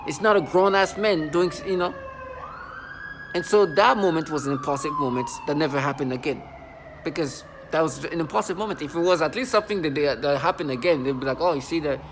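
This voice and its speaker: A man's voice: a little high, brisk, background noise. A man talking to camera in an agitated, rambling monologue, often repeating and restarting himself. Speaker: channel host.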